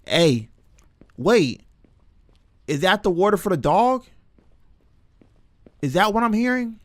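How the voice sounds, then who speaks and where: A young male streamer talks through a horror game, his voice sitting a bit high for a man. He is chatty and jumpy, tossing casual slang at his viewers. The sound is dry and close, with no room echo. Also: big pitch swings, takes it slowly. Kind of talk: live horror game commentary.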